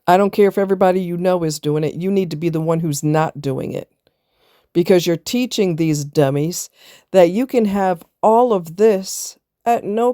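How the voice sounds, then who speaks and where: A woman's voice: fairly low pitch, warm tone, no echo, studio quality. A woman vlogger giving blunt, preachy casual commentary, firing off rhetorical questions and answering them herself.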